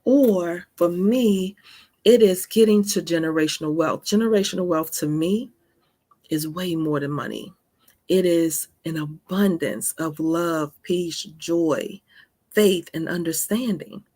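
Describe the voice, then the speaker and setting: This faith talk show host is a woman in her forties whose voice is lowish, a little slow, and dark in tone. Earnest and conversational, she offers a candid personal testimony, frequently checking in with "right?"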